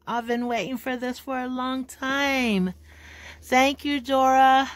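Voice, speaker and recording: A woman filming a casual storytime vlog at home on a phone camera, gushing and excited and repeating her exclamations. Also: high-pitched, slow, dry recording. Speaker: vlogger. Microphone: phone camera held in one hand.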